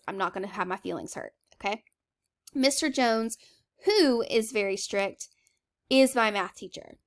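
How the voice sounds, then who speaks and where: A woman's voice: a little high, a bit bright. A woman teacher giving a recorded grammar lesson. She talks in a chatty, emphatic way, with examples and frequent "okay?" check-ins.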